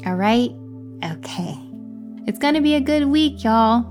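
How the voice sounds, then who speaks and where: A woman podcast host, speaking in a gentle, affirming, soft-spoken way on a spiritual advice show. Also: on the high side, lively intonation, unhurried, soft background music.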